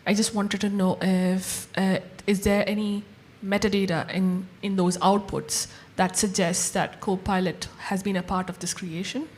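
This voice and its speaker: Audience woman asking a question, monotone and a bit hesitant. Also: medium pitch, measured pace, few pauses, slight background noise. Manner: hesitant, polite. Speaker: audience member.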